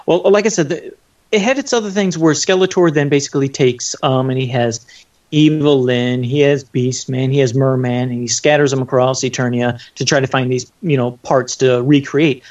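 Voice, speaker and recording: Podcast co-host, man, mid-pitched, enthusiastic recap, distant sound. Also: normal speed, a little mellow. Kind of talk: casual chat. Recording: distant, dull lo-fi mic.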